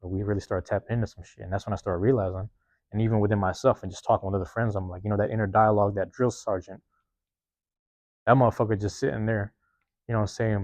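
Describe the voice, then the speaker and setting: A podcast host speaks fast in a voice on the low side, steady in tone and a little mellow, with no room sound. His casual monologue rambles profanely in a streetwise way, and he's self-reflective, frequently checking in with his audience.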